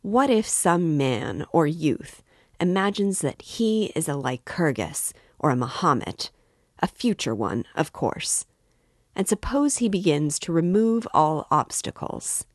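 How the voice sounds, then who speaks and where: A woman's voice: sits low, sing-song, a little slow, dry recording, clean studio sound, voice pushed up, exaggerated voice. A woman reading aloud, voicing a restless, sarcastic male magistrate who probes with fussy politeness. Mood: probing.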